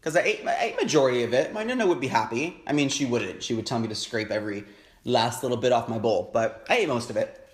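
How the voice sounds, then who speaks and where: Young male mukbang host, excitable and chatty, mid-pitched, roomy echo. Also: fast. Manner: chatty, excitable, frequent hums of enjoyment. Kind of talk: casual chat while eating. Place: home, indoors.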